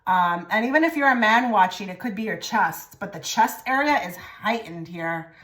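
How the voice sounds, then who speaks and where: A woman giving a pick-a-card tarot reading to her viewers, rambling and repeating herself, often trailing into soft murmured phrases. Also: mid-range voice, lively intonation, normal speed. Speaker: tarot reader.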